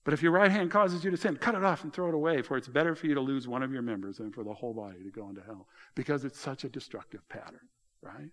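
A middle-aged male pastor preaching a sermon, telling stories in an animated way and raising his voice high when he retells dialogue. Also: fast. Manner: animated storytelling, voice rising high in retold dialogue.

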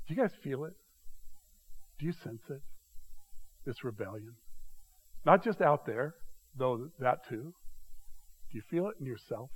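A man's voice: mid-range voice, expressive, a little slow, pauses often, husky, low-quality recording. An older man, a pastor, preaching a conversational sermon and asking his listeners questions.

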